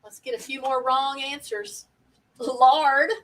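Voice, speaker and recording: A woman's voice: high voice, level tone, takes it slowly, fairly bright tone, far from the mic, low-quality recording. A woman hosting a casual live-stream party game, chatty and laughing often as she reads out viewer comments.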